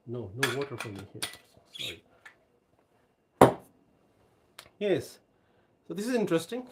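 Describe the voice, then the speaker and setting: Husky-voiced man giving animated career advice. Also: fairly high pitch. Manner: animated storytelling, emphatic. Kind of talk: casual live Q&A talk.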